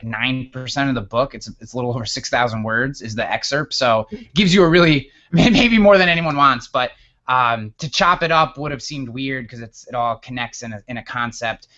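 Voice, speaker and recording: A man in his thirties from upstate New York, telling a story as a guest in a casual interview, animated and often restarting his words. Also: mid-range voice, dull audio. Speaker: guest author.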